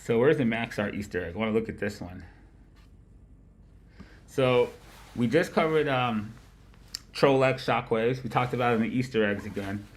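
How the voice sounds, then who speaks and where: A man hosting a casual livestream about markets, with a nasal voice, rambling, swearing often and laughing loudly. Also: medium pitch, moderate pace, pauses often. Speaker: livestream host of a market analysis show. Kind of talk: casual profane chat.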